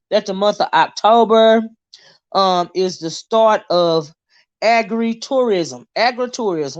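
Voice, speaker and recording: A woman's voice: fairly low pitch, highs cut off. A middle-aged woman hosting a casual livestream, greeting viewers one by one by name and rambling through friendly asides. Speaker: livestream host.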